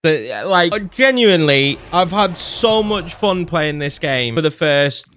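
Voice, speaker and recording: Young man, high-pitched, animated gameplay commentary, exasperated. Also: takes it slowly, a little hiss or hum. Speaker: gaming YouTuber.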